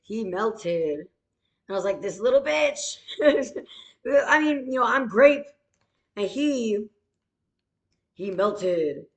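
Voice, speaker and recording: A woman's voice: medium pitch, lively intonation, takes it slowly, pauses often, reverberant. A woman telling a rambling, profane story in a casual way, with many fillers.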